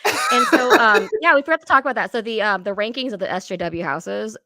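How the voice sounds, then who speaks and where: A woman's voice: medium pitch, big pitch swings, brisk, pushed and bright, no echo. Dry-sounding woman co-host, rambling. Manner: rambling, many fillers, acts out quotes. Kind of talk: casual chat.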